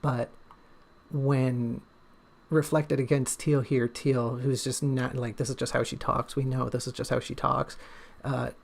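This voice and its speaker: Man, gravelly voice, mid pitch, casual livestream chat, rambling, joking, self-deprecating. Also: flat delivery, unhurried. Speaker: author and streamer.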